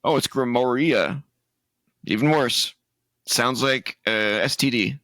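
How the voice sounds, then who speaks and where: A man's voice: medium pitch, a little slow, pushed and bright, no room sound. A man from Canada co-hosting a casual gaming podcast, who reads news aloud and laughs often. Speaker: podcast co-host.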